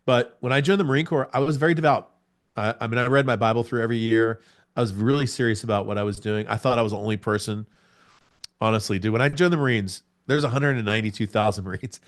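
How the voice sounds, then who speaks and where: A middle-aged man tells his story as a guest on a talk show. His voice sits in the middle range for a man and often jumps far higher as the story gets exciting. He laughs often and speaks in a casual, lively way. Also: fast talker. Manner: animated, laughing storyteller who jumps to a much higher pitch at the exciting moments. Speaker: podcast guest.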